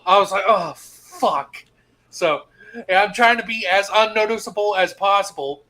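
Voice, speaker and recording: A man co-hosting a casual stream, telling a profane basic training story and shouting out the instructors' lines. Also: sits high, normal speed, poor audio. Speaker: stream co-host.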